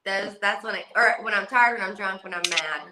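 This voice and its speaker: A woman's voice: medium pitch, fairly quick, sharp tone, reverberant, poor audio. A woman from West Virginia with a Southern accent, a reality show star chatting casually on a call, brash, cursing and laughing often. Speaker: guest, reality competition star. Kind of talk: casual chat on a video call.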